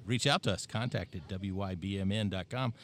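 Low-voiced joking male podcast host. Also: a little fast, fairly bright tone, slight background noise. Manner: jokey, upbeat interviewer. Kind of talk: casual interview at a vendor fair.

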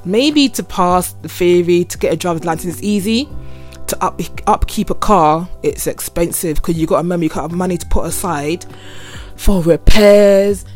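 A woman's voice: fairly low pitch, normal speed, faint music behind. A young woman with a London accent, hosting her podcast as a casual solo rant full of slang. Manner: chatty, slangy, animated. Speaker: podcast host.

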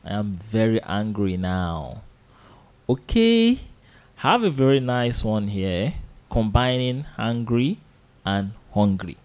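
A man hosting a live radio Arabic lesson, patiently repeating words slowly for listeners to drill and chuckling often. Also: lowish voice, very animated, darkish tone. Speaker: radio Arabic teacher and host.

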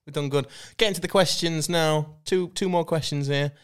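A man's voice: a little high, fairly even intonation, moderate pace, clear, resonant tone. A man co-hosting a podcast, teasing and joking in casual chat, swearing freely and laughing often. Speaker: podcast co-host.

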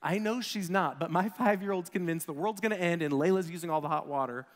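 Kinda high-voiced pastor guy in his 30s, chatty sermon, big echoey church hall. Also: fast. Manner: conversational, animated storytelling with acted quotes.

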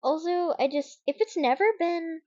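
A woman's voice: very high voice, steady tone, normal speed, dark tone, dry recording, muffled recording. A woman co-hosting a casual podcast, reading online comments aloud and swearing casually. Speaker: podcast co-host. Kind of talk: casual chat.

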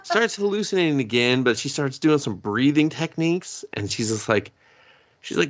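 A man's voice: medium pitch, normal speed, no echo. A man casually recapping an anime episode on a podcast, swearing freely and acting out the characters' lines. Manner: profane, animated storytelling, acts out characters' lines. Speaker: podcast co-host.

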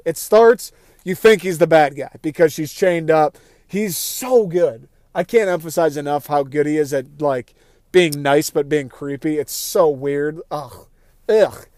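A young man talks through a movie in a loose, excitable ramble, swearing as he goes and jumping into little acted-out reactions. His voice sits a bit high and comes across smooth and clean. It sounds dry and close, with no room around it. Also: no echo. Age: young adult. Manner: rambling, excitable, profane, acts out quoted thoughts. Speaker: podcast host. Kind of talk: casual movie review monologue.

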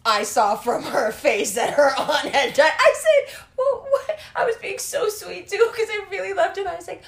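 A woman's voice: extremely high pitch, moderate pace, gravelly, roomy sound. A woman chatting casually, telling stories with swearing and frequent laughter. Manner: animated, profane storytelling with frequent laughter. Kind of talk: casual chat.

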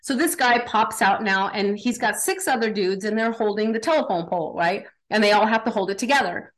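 Emphatic, energetic woman coach. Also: mid-range voice, a little fast. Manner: energetic, emphatic, frequent "right?" tags; impassioned motivational delivery. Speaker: guest, performance coach. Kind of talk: casual podcast interview.

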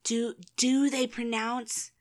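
A woman's voice: a little high, flat delivery, slow pace. A woman in a casual chat, asking curious questions and laughing often.

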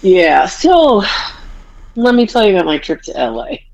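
A woman's voice: mid-range voice, sing-song, normal speed, gravelly, a little mellow, highs cut off. A woman podcast host telling family stories in casual chat, swearing freely and acting out her parents' quarrels.

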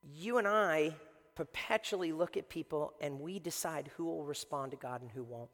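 A male pastor with a notably high voice delivers a lively, conversational sermon, often restarting phrases for emphasis. His voice carries a long reverb from the large church hall. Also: normal speed.

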